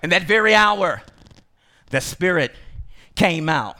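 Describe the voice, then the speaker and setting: A man preaching a sermon to his congregation. He speaks emphatically, repeats himself, and rises into shouts. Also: sits high, animated, slow. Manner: emphatic, repetitive, bursts into shouting; addresses congregation directly. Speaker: pastor.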